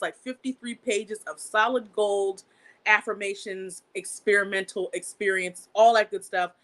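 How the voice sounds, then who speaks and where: This is a young woman running her own channel, spilling a story in a loose, conversational way. She swears casually, and her voice shoots upward when she gets indignant. Her pitch otherwise sits in an ordinary middle range. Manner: animated, swears freely, pitch jumps up when outraged. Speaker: channel host. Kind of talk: casual live-stream storytelling.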